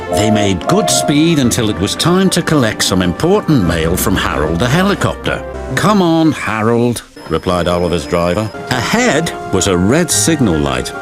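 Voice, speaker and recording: A man narrating a children's storybook, with music behind. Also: on the low side. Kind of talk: storybook reading. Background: background music.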